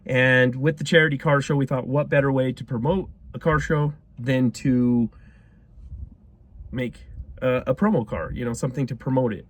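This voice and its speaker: A man's voice: mid-range voice, fairly even intonation, moderate pace, low-quality recording. A man in his thirties from Utah telling a long, rambling story in a casual way, laughing often and acting out the people he quotes. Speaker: car restorer telling a story.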